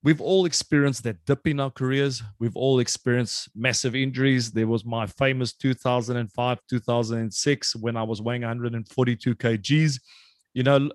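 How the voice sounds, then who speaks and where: A man's voice: medium pitch, steady tone, normal speed, no room sound. A friendly former player rambles through a story and a question, full of "you know" and "um". His voice sits in a middle register. The recording is dry and close. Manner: chatty, filler-heavy, jovial. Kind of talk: casual chat.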